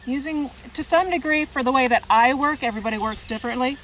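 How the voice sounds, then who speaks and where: A soft-spoken woman with a fairly high voice talks through a hands-on equine therapy session outdoors. Her explanations are gentle and unhurried. Faint outdoor noise and birdsong sit behind her on the camera mic. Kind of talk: hands-on demonstration narration. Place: outdoors with a horse, rural setting.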